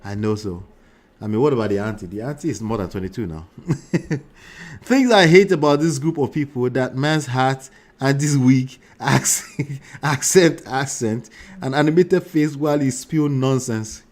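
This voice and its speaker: A man's voice: mid-range voice, normal speed, darkish tone. A man hosting a live reaction show, talking animatedly to his chat, often mocking and laughing.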